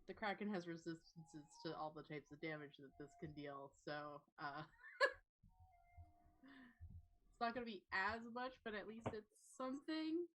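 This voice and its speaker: Woman tabletop player, lower voice, halting, laughs easily. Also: lively intonation, bright, forceful tone, low-quality recording. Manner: laughing, hesitant. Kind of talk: casual game talk.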